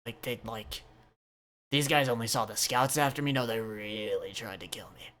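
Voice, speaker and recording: A tabletop game master voicing a grim, shaken man who insists in a low voice and repeats himself. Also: normal speed, fairly bright tone, close to an everyday voice. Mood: grave.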